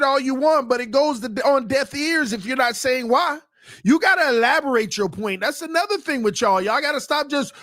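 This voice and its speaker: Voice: high voice, expressive, moderate pace, a bit bright, dry recording, studio quality. Heated, argumentative sports show host. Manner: repeats points for emphasis. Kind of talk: livestream rant to the chat.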